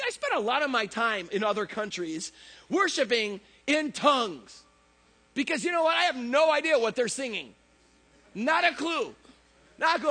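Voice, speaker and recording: A man preaching a lively, joking sermon who acts out voices in his stories. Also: extremely high pitch. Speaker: pastor. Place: church service.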